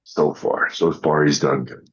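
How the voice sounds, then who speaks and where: A man's voice: extremely low pitch, flat delivery, unhurried, breathy edge, dull audio. A man co-hosting a casual early-morning podcast, telling rambling stories with many restarts and acting out what others said. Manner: rambling storyteller, restarts, acts out quotes. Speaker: podcast co-host.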